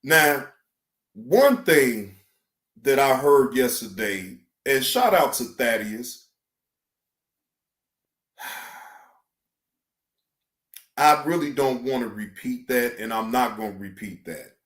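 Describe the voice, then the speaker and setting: A man's voice: extremely slow, long pauses, echoey room. A man chatting loosely and profanely on a live stream. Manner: loose, animated, profane, slangy, mimics others in high voice. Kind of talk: casual live stream chat.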